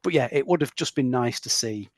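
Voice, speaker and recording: A man's voice: medium pitch, expressive, a little fast, no echo. A man hosting a film podcast, chatting casually with lots of restarts and tag questions. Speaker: podcast host.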